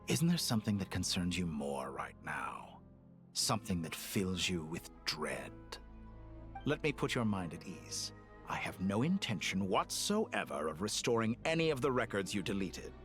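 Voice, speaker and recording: An actor playing a cruel, calculating male villain in a video game, talking in a cold, condescending, smoothly menacing way. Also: deep voice, big pitch swings, unhurried, fairly bright tone, faint music behind, full character voice.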